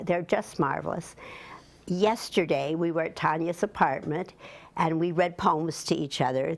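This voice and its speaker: A woman's voice: deep voice, vocal fry. A woman leading a poetry class, chatting in an interview with a gushing, enthusiastic manner. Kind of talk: interview chat.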